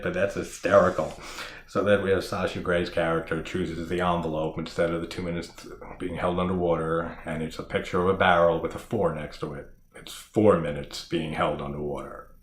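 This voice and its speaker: A man's voice: low-pitched, a little slow. A man hosting a horror review channel, recapping a film in a rambling, laughing way with lots of swearing and filler words. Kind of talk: casual spoken film recap. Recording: echoey room with faint background noise.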